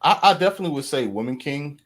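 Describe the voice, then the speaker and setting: Stammering guest in casual film talk. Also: male voice, a little high, quick pace. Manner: animated, stammering restarts, frequent "you know". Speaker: guest reviewer. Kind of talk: casual movie review chat.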